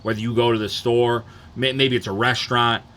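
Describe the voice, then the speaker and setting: A man's voice: mid-range voice, flat delivery, fairly quick, pushed and bright, slight background noise. A young man chatting casually on a live stream, rambling and swearing freely as he tells stories. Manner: profane, rambling storytelling.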